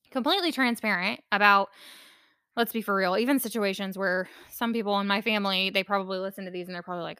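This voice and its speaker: A woman's voice: mid-range voice, fast talker, fairly bright tone, smooth, no room sound, clean studio sound. A young woman hosting her own podcast, talking in a candid, chatty way with lots of fillers and casual swearing. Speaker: podcast host. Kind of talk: casual personal podcast monologue.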